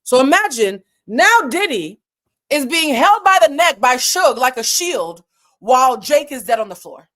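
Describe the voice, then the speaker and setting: Animated, profane woman storyteller. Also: high-pitched, measured pace. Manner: animated, profane, reads quotes with emphatic bursts. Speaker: commentary channel host. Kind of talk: casual storytelling commentary.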